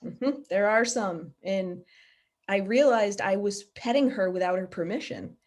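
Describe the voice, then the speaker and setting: A woman's voice: medium pitch, measured pace, darkish tone. Earnest woman explaining animal behaviour. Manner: earnest, practical, explains with everyday examples. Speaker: animal behaviour expert guest. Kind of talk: casual video call interview. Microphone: video call.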